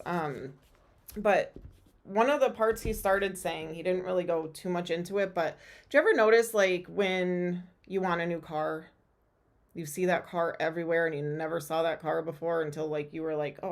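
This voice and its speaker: Chatty woman hosting a casual stream. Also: fairly low pitch. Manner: chatty, giggly, loose with fillers. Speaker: host and tarot reader. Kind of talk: casual live-stream chat.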